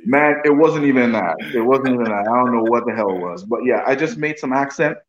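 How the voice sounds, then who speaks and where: A man's voice: mid-range voice, a little fast. Rambling man in a roomy, dull recording. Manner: rambling, frequent restarts, keeps saying "you know what I mean". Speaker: guest actor. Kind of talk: casual storytelling interview.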